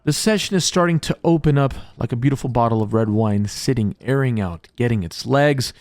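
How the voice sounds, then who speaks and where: A poker vlogger recaps his hands in a voice-over, delivering an upbeat, jokey play-by-play. His mid-range voice is animated, brisk and a little dark, recorded in a clean studio with no echo.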